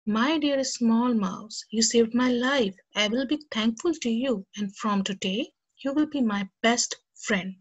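Lady putting on a big proud storybook lion, slow and booming, kinda husky. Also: lo-fi sound. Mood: grateful. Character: proud male lion, king of the jungle.

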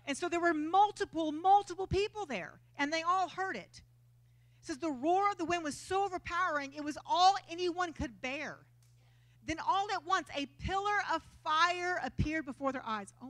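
A woman preacher delivering a lively, conversational sermon in a church, acting out quotes as she goes, with a Texan accent. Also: very high voice, moderate pace.

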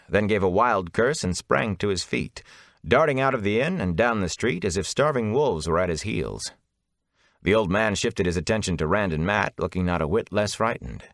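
A man narrating a fantasy audiobook in an expressive storytelling manner. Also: low voice, dry recording, studio quality.

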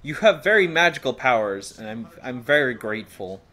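A man's voice: mid-range voice, sing-song, fairly quick, sharp tone. A man hosting a let's play, giving rambling, playful gameplay commentary and joking at his own expense. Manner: rambling, playful, jokes at himself. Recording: game sounds under the voice.

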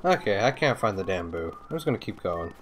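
A man playing a video game and talking to himself, with excited outbursts and swearing. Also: low-pitched, fairly quick, slight background noise. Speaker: let's play host. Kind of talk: gameplay commentary. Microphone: desktop USB mic.

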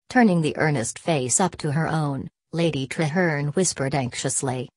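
A woman narrating a classic ghost story in a steady, even reading. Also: sits low, normal speed, hardly any pauses, no room sound.

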